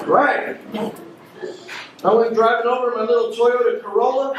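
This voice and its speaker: A man's voice: very high-pitched, steady tone, a little fast. A man doing a stand-up comedy set on a club stage, joking and chatting with audience members by name. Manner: crowd work, addressing audience members by name. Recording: echoey club recording from far off, loud noise.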